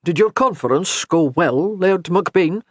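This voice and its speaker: A man reading as a kindly old Highland priest who reassures with light humor. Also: big pitch swings, measured pace, no room sound, studio quality, exaggerated voice. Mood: reassuring.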